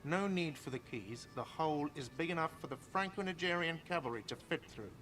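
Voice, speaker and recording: An actor playing a defensive, whiny cafeteria manager in a video game. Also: male voice, fairly high pitch, expressive, brisk, fairly bright tone. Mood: snippy. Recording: game audio with music behind.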